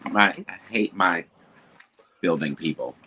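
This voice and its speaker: A man's voice: low voice, a little slow, sharp tone, a little hiss or hum. A man co-hosting a podcast, talking candidly and emphatically in casual chat, with side remarks. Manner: candid, emphatic, drops into asides. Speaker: podcast co-host. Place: home, with building noise nearby.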